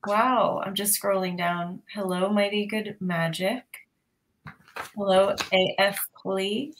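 A woman co-hosting a livestream, reading chat aloud and giving upbeat, gentle coaching. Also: mid-range voice, slow pace.

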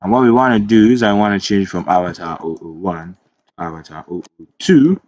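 A man with a fairly low voice talks through a coding tutorial while he types. He thinks aloud, fixes his own slips and wanders into chatty asides. The sound is dry and a little dull and lo-fi. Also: expressive, brisk, a little mellow, no echo. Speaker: web development tutor. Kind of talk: screen-recorded coding tutorial.

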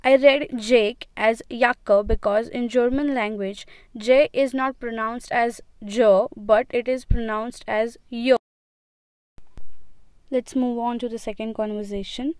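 A young woman with an Indian English accent leads a beginner German lesson in a smooth, crisp voice that sits a little high. She talks slowly and patiently, repeating each word twice so learners can follow. The sound is dry and close, with no room around it. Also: steady tone, a little mellow, dry recording. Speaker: German teacher. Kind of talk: slow, clear classroom lesson.

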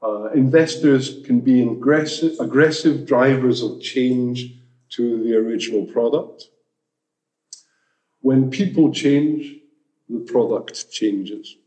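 A man's voice: medium pitch, slow pace, a little mellow, low-quality recording. A man giving an informal talk at a community education event, rambling with restarts and jokey asides.

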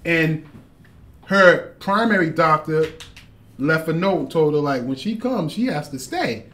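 A man with a slightly high voice spins a story for friends in a relaxed podcast chat. He talks in slang and swears freely, and his delivery stays lively and animated throughout. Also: measured pace. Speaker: podcast guest. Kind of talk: casual chat.

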